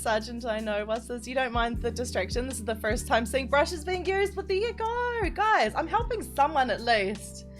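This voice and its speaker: A young woman, chatting casually and giggling as she streams a building tutorial and reads out her chat. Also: a little high. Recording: music playing behind.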